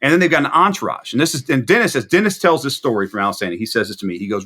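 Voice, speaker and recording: Guy rambling thru a crazy tour story in an interview, sharp bright voice. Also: medium pitch, racing, hardly any pauses. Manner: rambling anecdotal storyteller, animated quoting. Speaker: musician guest. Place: video interview.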